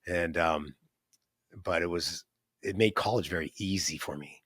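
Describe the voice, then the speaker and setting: A man in his fifties speaks a little slowly in a low-sitting, a bit bright voice with a breathy edge, captured as clean studio sound with no room sound. As an entrepreneur guest, he recounts his life story in a rambling, conversational manner, heavy on fillers, restarts, and the tag question "right?"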